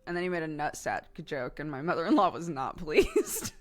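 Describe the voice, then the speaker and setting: Lively, laughing woman streamer chatting. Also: deep voice, moderate pace, faint music behind. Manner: animated storyteller, laughing often, acts out relatives' lines. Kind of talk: casual chat to a live stream audience.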